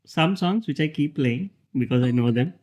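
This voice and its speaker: A man talks casually as a podcast guest, his voice sitting a little high for a man. He hedges and pauses, often breaking into light laughter. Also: expressive, darkish tone. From India. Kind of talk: casual chat.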